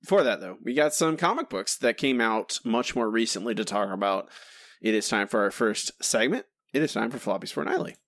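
A man co-hosting a casual comics podcast, talking quickly and joking with his co-host. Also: on the low side, lively intonation, fairly bright tone. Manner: quick, joking, laughs often.

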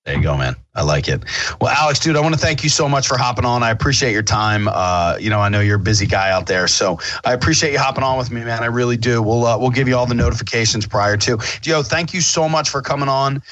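Male podcast host, mid-pitched, loose and rambling, upbeat, drops the odd swear. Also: fast talker, a bit bright, dull audio. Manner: rambling, upbeat, many fillers and restarts, swears casually. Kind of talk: casual podcast monologue.

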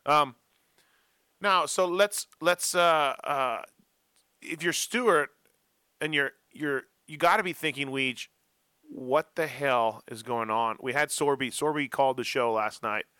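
A middle-aged man hosting a casual motocross chat, telling animated self-mocking stories. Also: medium pitch, measured pace, clear, resonant tone, dry recording. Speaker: podcast host.

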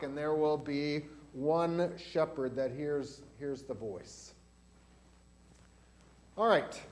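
Man, pastor, fairly high voice, catechism lesson in church, questions the kids as he teaches. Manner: asks the children questions as he teaches. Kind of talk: catechism lesson for children and adults.

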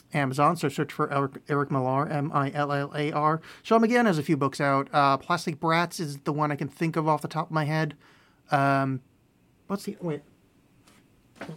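Male podcast host with a somewhat high voice, rambling solo monologue with self-deprecating, deadpan sarcasm. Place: home room with bookshelf.

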